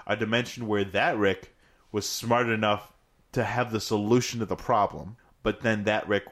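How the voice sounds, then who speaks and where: A podcast co-host excitedly retelling cartoon episodes in casual chat, swearing freely. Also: medium pitch, normal speed.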